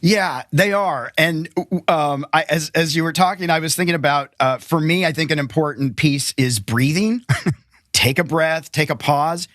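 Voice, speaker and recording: A man hosting a podcast, chatting casually and acting out quick quotes in a friendly way. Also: fairly high pitch, a bit bright, no room sound, clean studio sound. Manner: friendly, talks in quick bursts with acted-out quotes. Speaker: podcast host. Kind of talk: casual interview chat.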